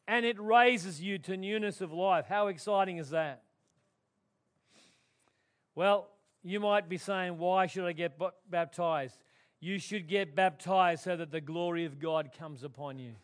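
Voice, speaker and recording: A man preaching a sermon, swinging from loud emphatic declarations to hushed, quiet tones. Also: sits high, a little slow. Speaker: pastor.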